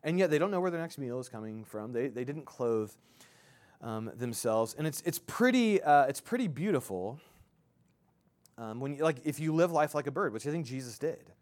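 A man in his thirties preaching a sermon as a pastor, in a conversational, halting way with many fillers and restarts. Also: mid-range voice, animated, a little mellow. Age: 30s.

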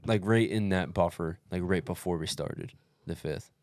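A man's voice: sits low, normal speed, darkish tone, no echo, clean studio sound. A man telling a long race story in casual podcast chat, blunt and emphatic, swearing constantly. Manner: blunt, heavily profane, emphatic. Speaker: podcast co-host recounting a race.

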